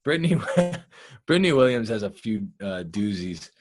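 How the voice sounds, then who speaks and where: A young Canadian man with a Canadian accent, hosting a podcast in an animated, storytelling chat. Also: lowish voice, normal speed. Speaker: podcast host. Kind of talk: casual chat.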